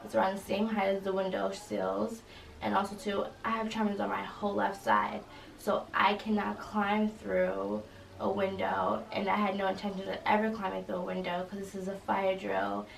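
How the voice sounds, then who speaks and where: A young woman, a college student, recounting an incident in an interview, halting and full of fillers. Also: medium pitch, level tone, vocal fry. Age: young adult. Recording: roomy echo, distant mic, faint noise.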